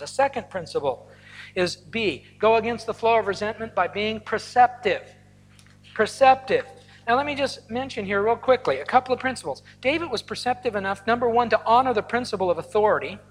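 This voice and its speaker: A man preaching a sermon from the pulpit, telling stories with lively asides and the occasional laugh. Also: high voice, fairly quick. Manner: storytelling, animated asides with laughter. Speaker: pastor. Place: large hall or church auditorium. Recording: long hall reverb.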